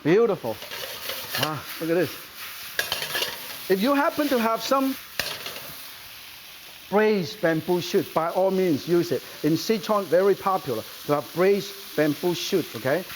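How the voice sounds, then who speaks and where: An older man with a high, bright voice runs an enthusiastic cooking demonstration, exclaiming over each step in slightly non-native English. A faint hum of the kitchen or outdoors sits behind him. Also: animated, unhurried, long pauses. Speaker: celebrity chef and host.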